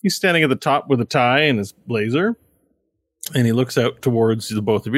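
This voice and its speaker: A man narrating as game master of a tabletop game, describing scenes in a relaxed, conversational way. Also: medium pitch, brisk, dry recording.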